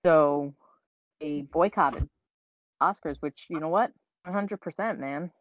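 A woman co-host talks in loose, blunt chat, laughing often and swearing without a second thought. Her voice sits on the lower side and is close and dry. The recording sounds dull and lo-fi. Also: takes it slowly, no room sound. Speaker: podcast co-host. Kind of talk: casual chat.

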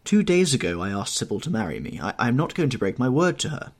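A man voicing an impassioned, self-absorbed young English gentleman in an audiobook reading, with a husky tone and heightened emotional delivery. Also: mid-range voice, sing-song, fast talker. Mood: earnest.

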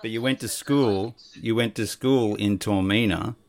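A man hosting a podcast, talking in a gentle, reassuring way. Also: fairly low pitch, a little slow. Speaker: podcast host. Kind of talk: casual chat.

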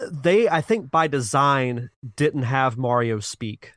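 A man's voice: medium pitch, expressive, slow pace, fairly bright tone, no room sound. A man hosting a retro gaming podcast in casual chat, earnest and rambling, with restarts and sighs. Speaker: podcast host.

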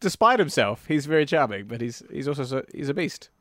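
Male co-host, casual chat, deadpan delivery, dry close recording. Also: medium pitch, brisk, no echo. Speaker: podcast co-host.

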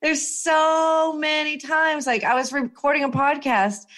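Lady telling a story, chatty and emphatic, kinda high voice. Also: unhurried. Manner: chatty, animated, emphatic with swings up in pitch. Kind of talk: casual storytelling monologue.

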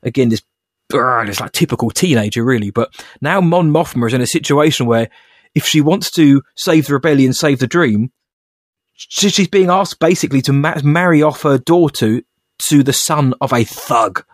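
A man's voice: mid-range voice, normal speed, no echo. Chatty man on a dry podcast mic. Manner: rambling, animated, frequent restarts. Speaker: podcast co-host. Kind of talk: casual podcast chat.

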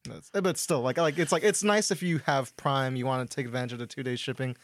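Male podcast co-host, quick casual talk with halting restarts, dry sound. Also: mid-range voice, fairly even intonation, dry recording. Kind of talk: casual chat.

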